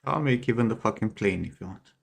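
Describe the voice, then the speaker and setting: Blunt joking man, fairly low voice. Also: lively intonation, fairly quick, creaky. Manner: blunt, joking, swears freely. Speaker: streamer. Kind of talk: casual chat on a livestream.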